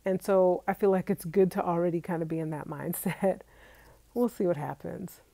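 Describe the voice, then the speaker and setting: A woman's voice: lowish voice, steady tone, normal speed, vocal fry, warm tone, dry recording. A young adult woman chatting casually with her viewers from home, reading out live comments and laughing often. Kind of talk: casual live-stream chat.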